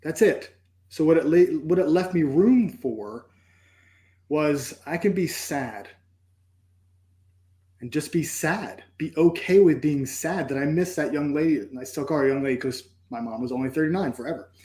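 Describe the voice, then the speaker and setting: A man's voice: a little high, normal speed, mellow, roomy sound. A man, a podcast guest, telling a personal story in an earnest, reflective way and acting out his own inner thoughts. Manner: earnest, reflective, acts out inner dialogue with "I'm like".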